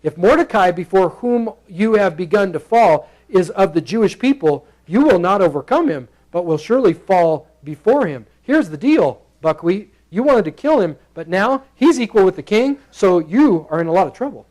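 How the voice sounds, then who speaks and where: A high-pitched male pastor preaching from the pulpit, playful and animated as he acts out the characters. He talks to the congregation like a friend, breaking into quick voices for each character. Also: low-quality recording. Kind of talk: expository sermon. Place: church sanctuary.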